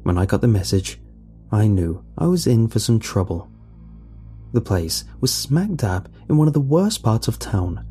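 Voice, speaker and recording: A man telling a first-person horror story in a low-key, wry storytelling voice. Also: big pitch swings, measured pace, dark tone. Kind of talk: first-person creepypasta narration. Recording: faint music underneath.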